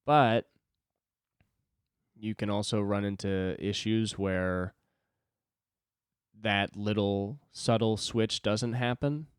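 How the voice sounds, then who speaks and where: A man's voice: fairly low pitch, steady tone, slow, long pauses, clean tone, no room sound, clean studio sound. A man in his twenties talking alone on his own podcast, rambling, swearing and mocking himself. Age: 20s. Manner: rambling, profane, self-deprecating. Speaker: podcast host. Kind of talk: solo podcast monologue.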